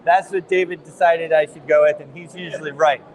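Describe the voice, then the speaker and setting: At a crypto conference, an American interviewer chats with a guest on site, enthusiastic and rambling a little. His voice is fairly high with fairly even intonation and a fairly quick pace, and the recording quality is low.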